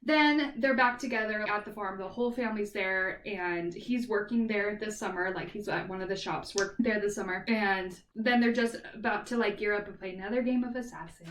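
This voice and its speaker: A woman's voice: mid-range voice, brisk, few pauses, fairly bright tone. A woman co-hosting a podcast, casually retelling a novel's plot with lots of "like" and "kind of thing". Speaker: podcast co-host. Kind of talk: casual book review chat. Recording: echoey room, far from the mic.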